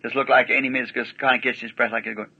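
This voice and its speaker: A man's voice: medium pitch, little pitch movement, rapid-fire, breathy edge, lo-fi sound. A man preaching a sermon, telling a story in folksy rural speech with emphatic asides.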